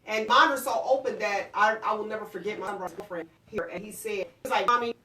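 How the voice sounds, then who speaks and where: Talk show host woman, bright voice, sounds roomy and a bit off mic. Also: medium pitch, fairly quick, far from the mic, slight background noise. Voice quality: lively storyteller, acts out quotes. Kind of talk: casual chat.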